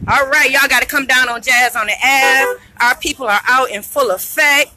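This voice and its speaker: Bright chatty woman hosting live. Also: high voice, moderate pace, no room sound. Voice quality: loud, chatty, hype. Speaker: internet radio host. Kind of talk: live street interviews. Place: outdoor street event.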